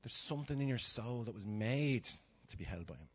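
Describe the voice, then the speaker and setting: Older Dublin Irish man, mid-pitched voice, for a chatty, joking informal sermon to a congregation. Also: expressive, a little fast. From Dublin, Ireland. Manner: chatty and self-mocking, acts out little dialogues. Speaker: preacher. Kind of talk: informal sermon with humorous stories.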